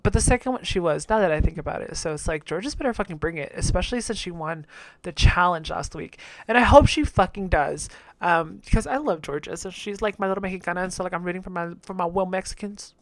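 A woman's voice: on the low side, fast. Chatty, profane young woman reacting. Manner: chatty, profane, frequent laughter. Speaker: reaction video host. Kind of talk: casual reaction commentary.

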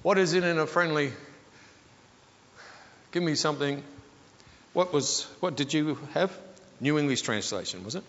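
Brief: male pastor, high, bright voice, unhurried delivery, leads call-and-response. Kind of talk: sermon. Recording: echoey hall, dull sound.

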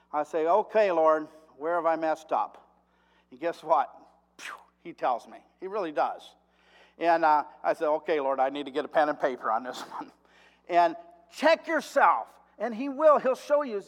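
A man's voice: sits high, in a large hall. A man in his sixties preaching a folksy sermon, repeating his key phrases. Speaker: lay preacher.

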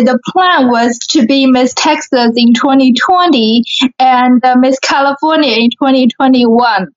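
A young woman from China with a Chinese accent, talking earnestly and brightly as an interview guest. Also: high-pitched. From Shanghai, China. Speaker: guest, beauty pageant winner. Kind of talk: casual interview talk. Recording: lo-fi recording.

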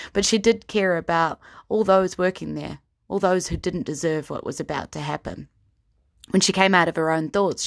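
A woman narrating a fantasy story as game master in a tabletop game. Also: on the low side.

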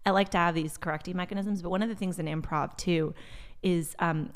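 A woman, a podcast guest, talking casually, animated, and slipping into other people's ways of speaking. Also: fairly low pitch, fairly quick. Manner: animated storyteller, mimics voices she hears. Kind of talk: casual conversation.

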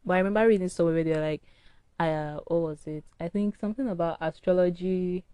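A woman's voice: on the low side, fast, mellow, clear, resonant tone, dry recording. A tired woman hosting a solo podcast, rambling frankly in a casual early-morning rant. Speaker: podcast host. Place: indoors at home early morning.

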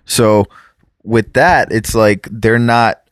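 A man's voice: on the low side, steady tone, slow pace, no echo, studio quality. A man who immigrated to the US, chatting casually and rambling, correcting himself and swearing offhand. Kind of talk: casual podcast chat.

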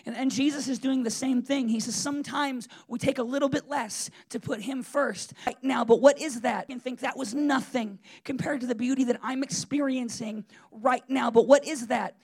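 A man's voice: very high-pitched, steady tone, moderate pace, vocal fry, hardly any pauses, husky. A man preaching a sermon in a conversational, emphatic way, with frequent fillers and restarts.

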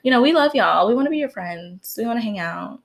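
A woman's voice: fairly high pitch, lively intonation, brisk, gravelly. A woman co-hosting a casual pop-culture chat, gushing, laughing often and swearing freely. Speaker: podcast co-host.

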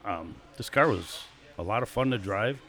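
A man's voice: on the low side, lively intonation, normal speed, fairly bright tone. Older man spinning chatty racing anecdotes. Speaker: guest, former stock car racer. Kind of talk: casual storytelling interview. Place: live show.

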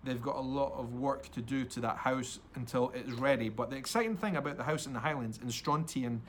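A Scottish man talking alone into the mic for his podcast, chatty and eager, speaking straight to his listeners. His voice sits at an ordinary middle pitch. A faint hiss of noise runs under the recording. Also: a little fast, hardly any pauses. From Scotland. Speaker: podcast host. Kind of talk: casual solo podcast chat.

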